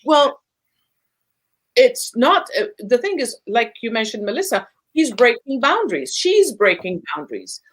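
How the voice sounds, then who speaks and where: A woman's voice: on the high side, big pitch swings, a little slow. Emphatic woman explaining patterns. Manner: emphatic, teacherly, builds lists for emphasis. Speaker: guest speaker on relationships. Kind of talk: explanatory podcast talk.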